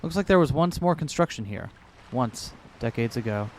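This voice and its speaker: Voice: medium pitch, lively intonation, normal speed, darkish tone, a little hiss or hum. A streamer casually chatting and joking while playing a video game. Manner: joking, swearing asides. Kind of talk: casual game play-through.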